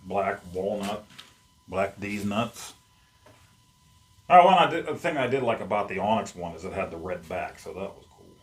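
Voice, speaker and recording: A YouTube host with a lowish, expressive voice chats at a moderate pace during a casual unboxing vlog. He rambles as he handles the gear at home, surrounded by his game collection.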